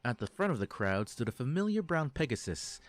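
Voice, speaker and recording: A man's voice: mid-range voice, big pitch swings, a little fast, soft background music. A man reading scripted story narration with a wry storybook delivery.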